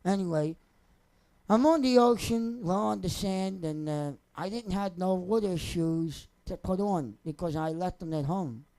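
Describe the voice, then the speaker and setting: A man's voice: high-pitched, normal speed, few pauses, dark tone, rough recording. A young man, a singer telling personal stories off the cuff in a rambling, wry, joking way. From New Jersey. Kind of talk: casual off-the-cuff storytelling.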